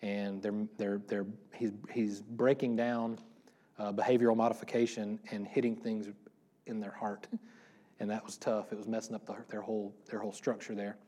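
A pastor with a lowish, warm voice speaks at a moderate pace with little pitch movement, delivering a casual, interactive sermon in a church room. He poses questions to the congregation in front of him and laughs often.

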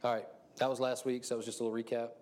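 A man's voice: medium pitch, little pitch movement, racing, darkish tone. A man preaching a casual sermon, chatty and laughing often as he acts out the quotes.

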